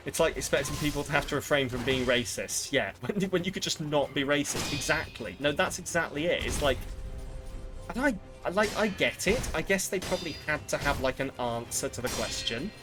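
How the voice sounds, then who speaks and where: A man's voice: a little high, lively intonation, brisk. A young man streaming a game and ranting sarcastically in casual chat. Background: game music.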